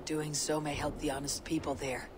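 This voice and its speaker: A woman playing a steady Viking warrior woman. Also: sits low, moderate pace, background noise, close to an everyday voice. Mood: calm. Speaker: game protagonist.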